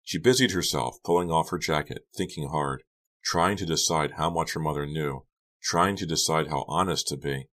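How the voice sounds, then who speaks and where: A man narrating an audiobook in a steady, dramatic reading. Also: rumbling low, normal speed.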